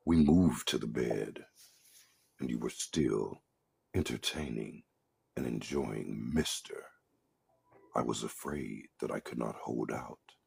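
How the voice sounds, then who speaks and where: Man, very deep, gravelly, husky, slow intimate reading of an erotic story. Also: darkish tone.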